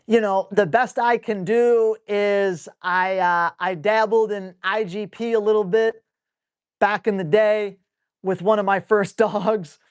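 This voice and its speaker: A man's voice: high-pitched, steady tone, takes it slowly, clean tone, no echo, clean studio sound. Man, live stream host, dog trainer, blunt, casual, salty. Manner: reads viewer questions aloud and answers them.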